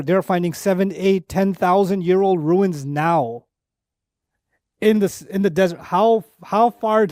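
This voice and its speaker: Animated high-voiced male lecturer. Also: no echo, studio quality. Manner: animated storytelling with quick asides and repetitions. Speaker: Quran teacher. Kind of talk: lecture-style sermon.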